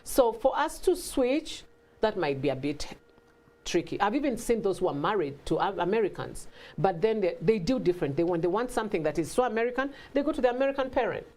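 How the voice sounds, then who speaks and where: Animated Ugandan woman telling stories. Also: medium pitch, a little fast. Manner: animated, acts out family dialogue with laughter. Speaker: guest. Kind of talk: casual interview talk.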